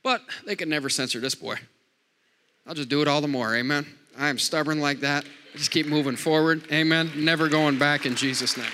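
Over a faint crowd and slight background noise, a man with a brisk, sharp voice on the high side preaches a sermon. The long hall reverb carries his jokes to the congregation, his repeated lines, and his frequent call-and-response amens.

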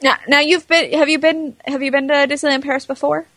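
A woman's voice: high-pitched, level tone, a little fast, a bit bright, dry recording. A woman co-hosting a live show, chatting in a rambling way with lots of fillers. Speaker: co-host. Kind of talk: casual live show chat.

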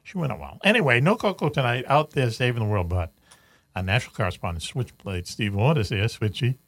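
A male radio host whose pitch swings up and down as he jokes and teases. He keeps the banter casual and animated. The sound is dry and close. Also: brisk, husky, dry recording. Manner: joking, teasing, animated.

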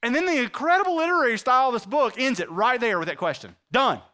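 A man preaching a sermon, acting out the quotes he reads and swinging between loud outbursts and hushed lines. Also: extremely high pitch, sing-song, fast talker.

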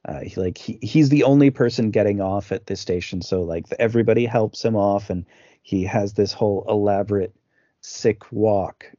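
A man's voice: on the low side, normal speed, mellow, no room sound. A man co-hosting a podcast, recapping a film in casual talk, rambling with lots of fillers and restarts. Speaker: podcast co-host. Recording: dull lo-fi dry sound.

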